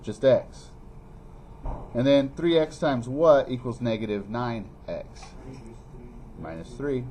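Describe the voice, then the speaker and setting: A man's voice: slow, pauses often. A man teaching a math review lesson in a classroom, playfully teasing students and calling them by name. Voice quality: animated, pitch jumping high when teasing students. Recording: faint classroom noise.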